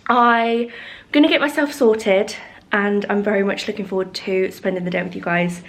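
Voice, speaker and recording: A woman's voice: mid-range voice, fairly even intonation, normal speed, a little hiss or hum. A young woman chatting casually to camera about her home and family, full of fillers and gushing asides. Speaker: lifestyle vlogger. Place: home with farm animals nearby.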